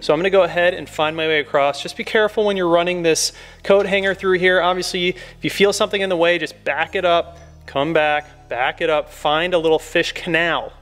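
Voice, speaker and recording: A young man talks viewers through a car install in a chatty, upbeat way while he works inside the vehicle. His voice sits slightly higher than an average man's, and soft music plays faintly behind him. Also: brisk. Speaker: car modification vlogger. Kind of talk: casual step-by-step install tutorial.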